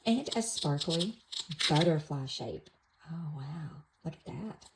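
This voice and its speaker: A woman gently showing an activity book to toddlers, naming pictures in a soft, sing-song way. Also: deep voice, expressive, slow, background noise. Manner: soft, sing-song, with playful animal sounds. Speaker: toddler class teacher. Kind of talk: slow, gentle show-and-tell for toddlers.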